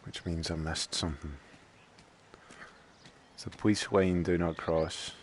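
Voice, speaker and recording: Chatty streamer with a very deep voice. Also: male voice, steady tone, takes it slowly, slight background noise. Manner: chatty, joking, thinks aloud. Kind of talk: casual let's play commentary.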